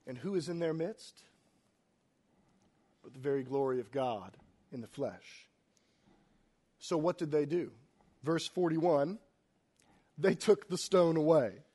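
A man preaching a sermon, reading scripture aloud and explaining it, swinging between hushed and loud delivery. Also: a little high, husky.

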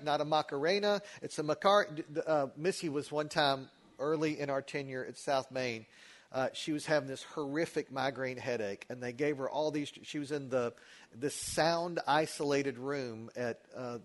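A middle-aged man, preaching a sermon as a pastor and telling stories with quick asides that shift between loud and quiet. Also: on the high side.

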